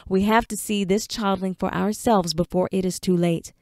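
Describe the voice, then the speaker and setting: A woman's voice: medium pitch, steady tone, moderate pace, a little mellow, no room sound, clean studio sound, lightly acted. A woman voicing a stern, harsh aging father who barks at his son, read for an audiobook. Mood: angry, scornful. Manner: gruff, barking, scornful.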